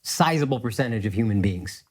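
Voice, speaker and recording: A man's voice: fairly low pitch, expressive, fairly quick, a little mellow. A man on a podcast, chiming in with agreement and short points in casual chat. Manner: agreeable, interjecting.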